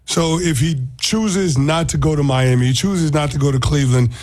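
A man who is a former football player, co-hosting a sports talk show in a measured, analytical way. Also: on the high side, darkish tone.

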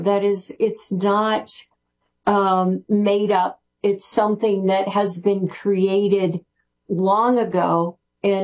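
A woman guest on a radio interview, talking excitedly and rambling with restarts. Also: medium pitch, highs cut off. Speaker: spiritual author guest. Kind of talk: interview answers.

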